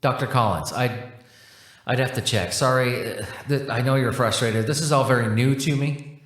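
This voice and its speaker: A polite, baffled scientist who hesitates and apologizes as he fumbles through a strange phone call, as a male narrator plays him. His voice is mid-pitched, with a roomy echo around it. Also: moderate pace, a bit bright, lightly acted. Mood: unsure.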